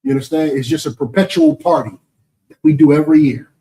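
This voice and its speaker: A man's voice: a little high, fast, mellow, far from the mic, low-quality recording. A man with an American accent teaching and answering questions in a preaching session, emphatic and rhetorical, often asking "you understand?".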